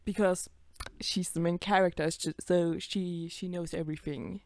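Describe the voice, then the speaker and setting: A woman's voice: on the low side, steady tone, moderate pace, a little mellow, dry recording. A woman in her twenties giving casual reaction commentary, chatty, swearing freely and laughing at herself. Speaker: video creator.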